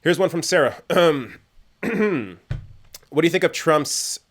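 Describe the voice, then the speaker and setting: A man's voice: fairly high pitch, animated, slow pace. A young man from Canada hosting a casual livestream, answering viewer questions in a chatty way, often laughing and trailing off into fillers. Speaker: livestream host answering chat. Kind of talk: casual live Q&A chat.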